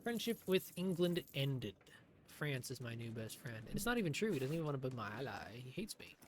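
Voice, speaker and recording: A man's voice: mid-range voice, very animated, fast talker, a bit bright, slight background noise. A man doing live commentary on his own strategy game, talking to himself in a sarcastic, swearing way. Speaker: streamer.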